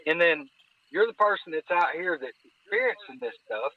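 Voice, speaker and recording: A podcast guest from North Alabama talks casually in a Southern accent, his fairly high, expressive voice moving at a moderate pace. He's folksy and earnest and often repeats words while searching for them, on a dry, phone-like line.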